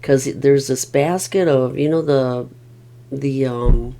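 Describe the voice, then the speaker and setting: Middle-aged caregiver, gravelly, dark voice, weary rambling vlog talk. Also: medium pitch, steady tone, takes it slowly. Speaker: family caregiver.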